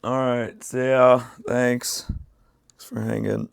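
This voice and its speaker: A man with a sick voice, chatting casually to his livestream while he crafts and thinks out loud. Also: medium pitch, level tone, slow, creaky, clear, resonant tone, no room sound. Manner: rambling, thinking aloud while working. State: sick, rough voice. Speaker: streamer.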